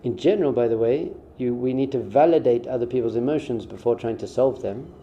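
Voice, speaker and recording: A man's voice: medium pitch, fairly quick. A man who is a rabbi, giving a conversational spiritual talk in an informal way and acting out short quoted exchanges. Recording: dull, muffled sound.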